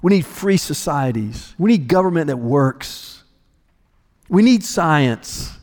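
A man's voice: a little high, lively intonation, takes it slowly, darkish tone, big-room sound. A male pastor preaching a sermon with an emphatic, repetitive cadence.

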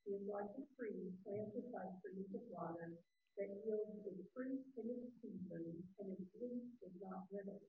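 A group member reading a psalm aloud in a steady, even manner. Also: medium pitch, a little slow, slight background noise. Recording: tinny, distant, roomy sound.

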